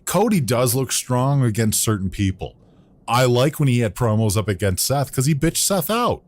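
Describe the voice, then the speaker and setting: A man's voice: mid-range voice, big pitch swings, normal speed, no echo. A man hosting a wrestling podcast, reading the live chat aloud and breaking down promo clips. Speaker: podcast host.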